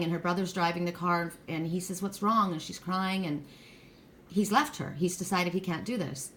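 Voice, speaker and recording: A woman's voice: mid-range voice, a bit bright. A middle-aged woman giving a casual tarot card reading, blunt and emphatic, who swears freely.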